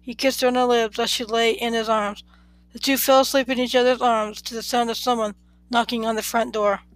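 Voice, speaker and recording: A podcast host reading a romance story aloud in an unhurried, even way, with small slips now and then. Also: mid-range voice, poor audio. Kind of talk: plain read-aloud narration.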